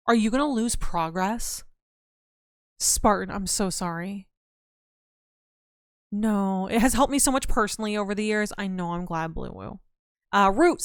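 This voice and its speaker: Young woman streaming, chatty and laughing, kinda high voice, throat a bit scratchy, dry close mic. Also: clear, resonant tone, dry recording. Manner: chatty, laughing, reads chat aloud, animated storytelling. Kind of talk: casual chat with live chat.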